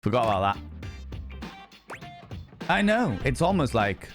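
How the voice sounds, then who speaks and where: A young man streaming a game, talking in an excitable, sweary, rambling way. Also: medium pitch, unhurried, soft background music. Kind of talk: casual game commentary.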